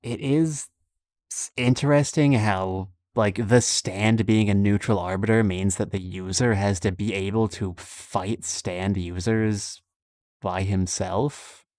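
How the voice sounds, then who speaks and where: A man's voice: lowish voice, fairly even intonation, takes it slowly, a little mellow, no room sound. A man chatting casually during a watchalong stream, making dry jokes about the show. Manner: dry, joking commentary.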